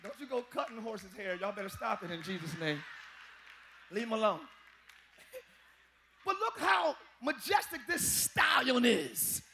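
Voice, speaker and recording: High-voiced, gravelly preacher man shouting. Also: a little slow, long pauses, slight background noise. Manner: animated, humorous preaching with shouts and chanting. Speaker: pastor. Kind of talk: sermon. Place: church sanctuary.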